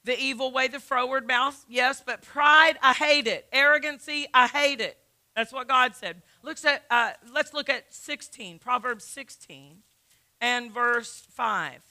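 A woman's voice: high-pitched, a little slow, pushed and bright. A middle-aged woman pastor preaching a sermon. She teaches emphatically, asks rhetorical questions, and often repeats words and restarts.

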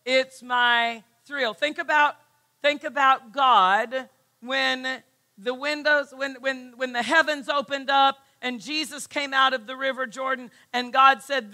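A woman's voice: high-pitched, steady tone, takes it slowly, sharp tone. A woman pastor preaching a sermon, emphatic and full of rhetorical questions.

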